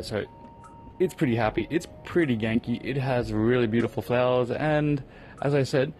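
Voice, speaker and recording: A man in his thirties hosts a rambling podcast, cracking jokes and playful sarcasm as he walks through his small garden. He keeps his voice a little hushed, and faint music hums underneath. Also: mid-range voice. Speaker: podcast host. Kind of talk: casual podcast monologue. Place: home garden outdoors.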